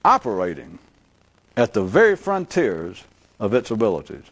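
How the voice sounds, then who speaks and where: A man lecturing off the cuff on a philosophical idea, his pitch leaping up and down as he goes. He rambles and circles back, slipping into the voices of the people he describes. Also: normal speed. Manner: animated, rambling, acts out quoted voices.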